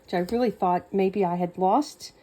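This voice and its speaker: This woman's warm, mid-range voice moves at a moderate pace as she chats while cooking, rambling with many fillers and restarts. A cooking vlogger with a Southern accent, she was born in New Mexico and raised mostly in Texas. The recording quality is low.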